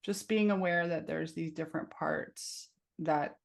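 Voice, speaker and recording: A woman coach speaking gently and slowly, guiding a client through a coaching session over a video call. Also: low-pitched, steady tone, creaky. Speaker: IFS coach.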